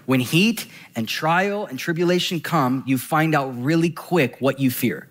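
A man preaching a sermon in a conversational, animated way, slowing down to read scripture and speeding up for quick asides. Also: mid-range voice. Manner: animated, swings between slow scripture reading and quick asides; conversational, frequent "right?" and "like".

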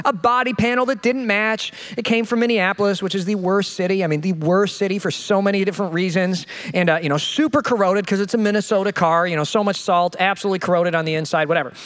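A man in his thirties preaches with a strikingly high voice and a rapid pace. He tells stories in a jokey, self-deprecating, animated way from a church stage. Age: 30s. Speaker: pastor. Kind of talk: storytelling sermon.

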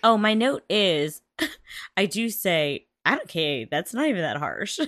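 A woman co-hosting a podcast in casual recap chat, expressive and quick with laughing asides. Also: mid-range voice, no echo, studio quality. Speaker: podcast co-host.

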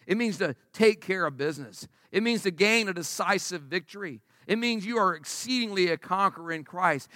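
A high-pitched, bright-toned man delivers a sermon from the pulpit during a church service. He preaches emphatically but conversationally, leaning on rhetorical questions. His voice comes through close and dry. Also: dry recording. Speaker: pastor. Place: church service before a congregation.

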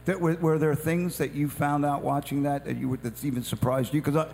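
A man with a gravelly voice chatting with enthusiasm, full of restarts and eager agreement. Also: fairly high pitch, steady tone, fairly quick, darkish tone. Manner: enthusiastic, many yeahs and restarts. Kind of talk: casual chat. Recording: long hall reverb with faint hum.

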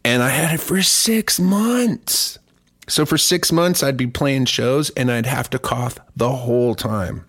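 A man's voice: mid-range voice, measured pace, fairly bright tone, husky. A musician with a cough chatting casually as host of his song club, rambling, profane and jokey. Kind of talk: casual livestream chat.

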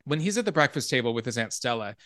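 A man hosting a casual horror movie podcast, recounting scenes with animated asides and a few laughs. His voice is at an ordinary middle pitch. The recording is dry and close, with little room sound. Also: quick pace, dry recording. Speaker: podcast host. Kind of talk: casual film discussion.

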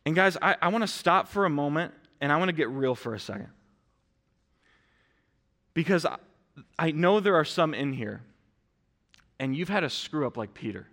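A man's voice: a little high, expressive, normal speed, pauses often, a bit bright, in a large hall. A man preaching a sermon in a church, talking earnestly to the congregation and often restarting his sentences. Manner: earnest, direct address with frequent restarts. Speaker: pastor. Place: church sanctuary.

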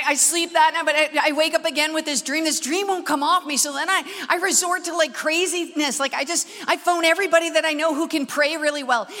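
A woman preacher telling a story in an animated sermon, acting out what people said and asking the audience questions, recorded live in a large concert hall. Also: high-pitched. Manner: animated, acts out dialogue, asks audience questions. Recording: long hall reverb from a live event.

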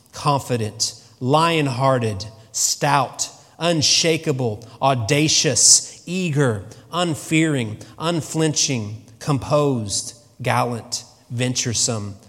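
Man, preacher, sermon, chatty, repeats himself, church, reverberant hall. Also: mid-range voice. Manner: conversational, animated, repeats phrases.

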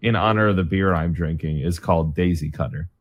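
A man's voice: sits low, a little fast. A man chatting casually on a voice call as a tabletop game player, eagerly talking through his character. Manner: enthusiastic, talks through his character aloud. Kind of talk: casual chat over voice call.

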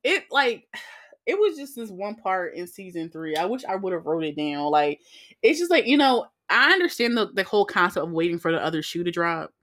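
Lively swearing woman cohost, voice jumps way up when she gets into it, bright tone. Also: moderate pace. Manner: animated and profane, jumping high when acting out reactions. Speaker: podcast co-host. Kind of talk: casual chat.

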